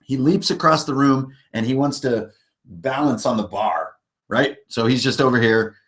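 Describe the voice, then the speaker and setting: A man's voice: medium pitch, normal speed, fairly bright tone. A man teaching beginners how to run a tabletop game on a livestream, blunt and emphatic.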